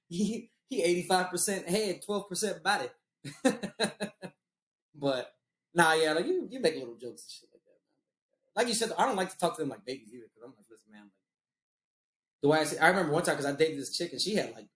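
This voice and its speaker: A man swaps raunchy personal stories in a relaxed, profane chat and keeps laughing at his own punchlines. He talks fast in a slightly raised voice. The room around him rings with echo. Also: a little high. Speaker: podcast host. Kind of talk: casual storytelling chat.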